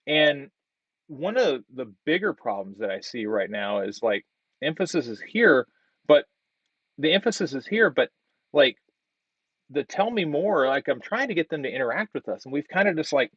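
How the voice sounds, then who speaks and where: Man, design instructor, screen-share feedback, rambling restarts, mid pitch, dry dull recording. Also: sing-song, moderate pace, a bit bright, no echo. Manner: conversational, thinking aloud with fillers and restarts.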